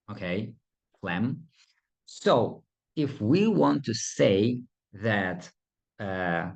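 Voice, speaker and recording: Slow gravelly-voiced male teacher. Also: on the low side, a little mellow. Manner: slow, hesitant, many fillers, playful asides. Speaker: language teacher. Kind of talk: casual video lesson.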